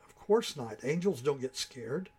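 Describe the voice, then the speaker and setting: A man's voice: mid-range voice, expressive, measured pace, dark tone, husky, full character voice. A man reading a storybook and voicing a young boy who speaks firmly and boldly. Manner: firm and challenging. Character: young boy, bold and stubborn.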